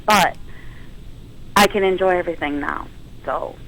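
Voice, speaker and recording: A woman in her thirties, a firefighter and paramedic, tells her story as a guest in a radio interview, emotionally and with animated quotes. Her lowish voice is unhurried, and the rough recording has a little hiss or hum.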